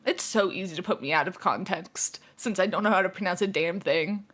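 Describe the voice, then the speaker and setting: A young woman chatting casually on a live stream, talking fast, giggling and fretting over how she pronounces words. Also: fairly low pitch, a bit bright. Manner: fast-talking, giggly, self-conscious about her pronunciation.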